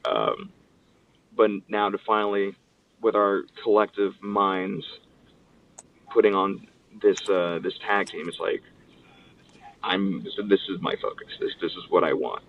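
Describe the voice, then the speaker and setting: A man's voice: low-pitched, unhurried, gravelly, long pauses, a little hiss or hum. A man guest on an interview, telling stories casually and acting out what others said. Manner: animated storyteller acting out quotes. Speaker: guest, pro wrestler. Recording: distant, phone-like line.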